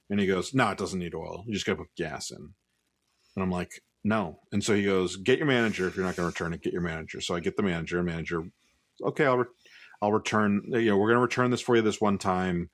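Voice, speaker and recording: Low-voiced man telling a story. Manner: animated anecdote-telling, acts out both sides of the exchange; swears casually. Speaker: podcast co-host. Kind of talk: casual storytelling chat.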